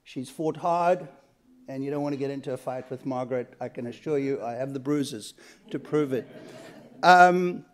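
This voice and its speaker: A man in his fifties with a South African accent, moderating a law school panel, introducing speakers and telling his own story in a halting, earnest way with many fillers. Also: mid-range voice. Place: lecture hall.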